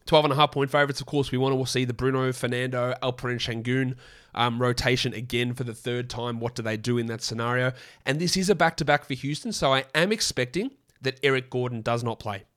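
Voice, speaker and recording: A man hosting a solo fantasy basketball podcast, hoarse from losing his voice, talking in an opinionated, rambling way with frequent self-corrections. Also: mid-range voice, steady tone, brisk, fairly bright tone. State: hoarse from a lost voice.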